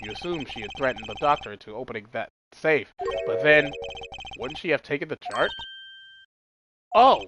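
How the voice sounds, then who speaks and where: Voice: mid-range voice, expressive, moderate pace, long pauses, very noisy, close to an everyday voice. A player doing a suave cocky male prosecutor. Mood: smug. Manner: suave, condescending, slight German flourishes.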